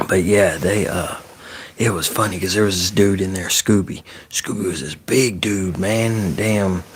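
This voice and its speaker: Deep soft-spoken man, ASMR chat. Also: breathy edge. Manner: soft-spoken, drifting into whispers, loose and profane. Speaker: ASMR streamer.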